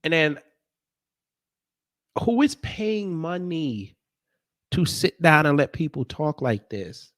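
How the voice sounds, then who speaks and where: A man doing reaction commentary in a fairly high, lively voice that swings up and down. He sounds exasperated and sarcastic, and he stammers through restarts. The recording is dry and close. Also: slow pace, pauses often, no room sound. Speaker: commentary vlogger.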